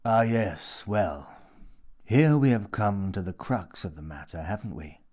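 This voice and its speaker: Sinister, smooth-talking mad old man, played by a man reading a story; coaxing, lecturing. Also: fairly low pitch, lively intonation, a little slow, a little mellow. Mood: menacing. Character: menacing mad old man, tall, grinning, theatrical.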